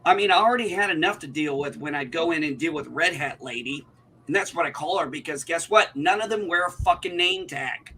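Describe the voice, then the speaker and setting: A man's voice: on the high side, fairly quick, pushed and bright, breathy edge. A man, telling an indignant, profane story in casual chat on a livestream. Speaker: livestream co-host.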